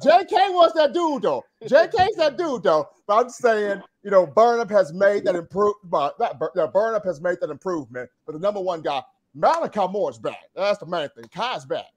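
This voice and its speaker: A man with a high voice that swings widely up and down. He talks about the game in an animated, playful way. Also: moderate pace. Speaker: sports podcast panelist. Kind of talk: casual sports talk.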